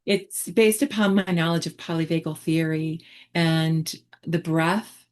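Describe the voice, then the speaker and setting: A woman therapist explaining her approach in a relaxed online teaching chat, talking reflectively with many fillers and restarts. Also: deep voice, measured pace. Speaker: therapist presenter.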